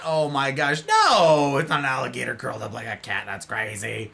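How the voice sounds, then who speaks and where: Animated, bright-voiced male streamer. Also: mid-range voice, moderate pace, creaky. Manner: playful, theatrical, old-fashioned turns of phrase. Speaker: live streamer. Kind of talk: casual live-stream chat with viewers.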